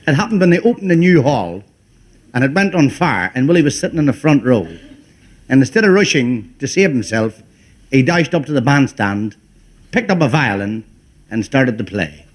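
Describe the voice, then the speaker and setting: A man's voice: medium pitch, very animated, moderate pace. A man telling jokes in a stand-up comedy routine, spinning stories with quoted dialogue.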